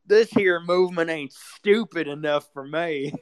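A man voicing a dim-witted Southern yokel in a mocking, slow drawl. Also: on the high side, clean tone, dry recording, lightly acted. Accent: mock Southern US drawl.

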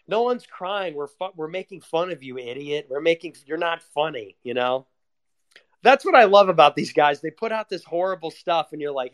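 Casting: young man, casual sardonic rant, swears freely, laughs a lot, voice a touch high. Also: lively intonation, moderate pace.

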